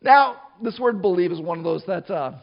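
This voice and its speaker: A middle-aged man preaches to his church in a loose, conversational way. He often restarts his sentences and goes off on asides. His voice sits high for a man, and the recording sounds muffled and lo-fi. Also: animated, fairly quick, vocal fry. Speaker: pastor. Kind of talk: sermon.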